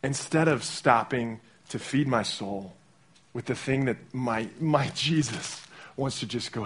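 A young man delivering a sermon as pastor in a conversational, animated way, acting out little quotes as he goes. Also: mid-range voice, unhurried, slightly rough.

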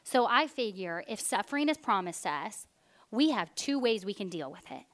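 A woman, preaching a sermon as an animated storyteller who drops to a hush for weighty points. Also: mid-range voice, moderate pace. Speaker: speaker.

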